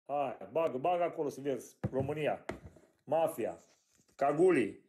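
A man's voice: mid-range voice, lively intonation, normal speed, mellow, a little hiss or hum. A Romanian man on a video call, speaking broken English with a Romanian accent and repeating single words insistently, slipping into his own language. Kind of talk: casual video chat.

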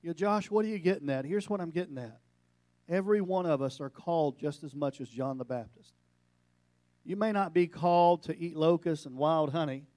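A man's voice: a little high, a little fast, no room sound. Emphatic male pastor preaching a sermon. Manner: storytelling preacher, emphatic with quiet passages. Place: church sanctuary.

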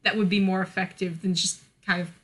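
Low, flat, and brisk, this American podcast co-host keeps the conversation casual. She chats freely, drops plenty of fillers, and laughs a lot.

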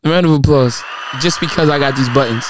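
A man's voice: on the high side, fast talker, noisy background. A man, hosting a casual advice show, blunt and profane, telling stories and answering questions. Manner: blunt, profane, storytelling with quoted voices. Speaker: podcast host.

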